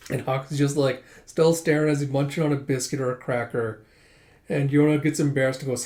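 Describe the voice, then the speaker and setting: Mellow man casually retelling a manga. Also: mid-range voice, fairly even intonation, a little fast. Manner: retells scenes with "he's like" paraphrase. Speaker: manga reviewer.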